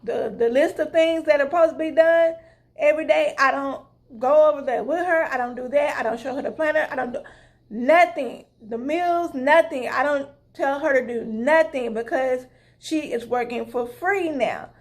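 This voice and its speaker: Young woman, casual vlog storyteller, lively retelling of conversations, fairly high voice. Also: normal speed. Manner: animated, retelling conversations with lots of "I was like". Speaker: vlogger.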